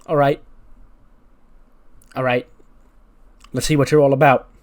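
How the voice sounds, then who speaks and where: A man's voice: medium pitch, flat delivery, unhurried, natural voice. A man voicing a brash veteran male wrestling champion, delivering boastful trash talk. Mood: grudging.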